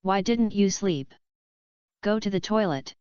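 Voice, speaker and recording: A woman's voice: medium pitch, animated, a little slow, a little mellow, smooth, dry recording, close to an everyday voice. A woman reading the lines of a caring, awkward young man in an audiobook, in her own plain voice. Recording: dull lo-fi dry recording.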